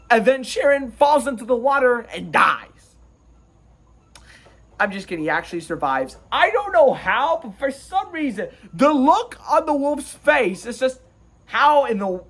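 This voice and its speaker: A man's voice: sits high, a bit bright. A man recaps a film in a loose, rambling way, tossing in irreverent jokes as he goes. It sounds like a casual review rather than a scripted one. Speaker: movie reviewer.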